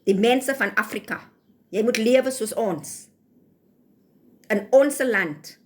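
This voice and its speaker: A woman with a South African accent rants to camera in a casual vlog. Her voice sits fairly high, and she scolds and lectures with pointed rhetorical questions. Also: slow pace. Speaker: vlogger.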